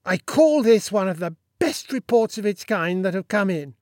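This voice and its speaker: Man reading as a pompous little Sultan, high voice, big swings of pitch, dry sound. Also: expressive, moderate pace, dry recording. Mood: boastful. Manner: grandiose, bossy and cheerfully self-satisfied. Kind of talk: audiobook character voice.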